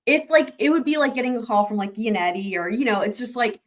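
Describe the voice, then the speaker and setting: A woman hosting a live-stream recap, chatting excitedly and rambling with lots of restarts. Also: fairly high pitch, quick pace. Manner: addresses viewers directly as y'all. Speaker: YouTube trial-recap host. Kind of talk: live-stream chat with viewers.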